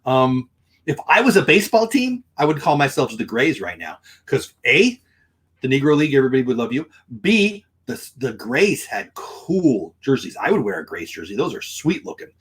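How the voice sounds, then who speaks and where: A man's voice: mid-range voice, big pitch swings, normal speed, breathy edge. A middle-aged man hosting a casual livestream, reading chat comments aloud and ranting in an exasperated, opinionated way.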